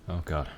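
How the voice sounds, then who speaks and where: A young man streaming a game, chatting casually in a rambling, profane, self-deprecating way at his computer desk. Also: darkish tone. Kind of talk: casual chat while gaming.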